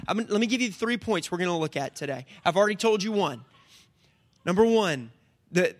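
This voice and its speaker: A man preaching a sermon as pastor, telling Bible stories with lively asides and quick put-on voices for the people in them. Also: very high voice. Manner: animated storytelling, jumps into voices and back.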